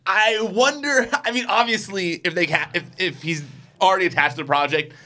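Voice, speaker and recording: A man with a bright, slightly raised voice co-hosts a podcast in casual chat. He is chatty and inquisitive and laughs easily as he talks. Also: high voice, fairly quick. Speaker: podcast co-host.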